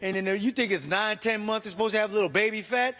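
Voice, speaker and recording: Middle-aged male stand-up comic, high pitched and animated, performing in a reverberant hall. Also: fast, faint music behind. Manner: animated, exclaiming, acting out voices. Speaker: stand-up comedian. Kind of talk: stand-up comedy set. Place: church comedy stage.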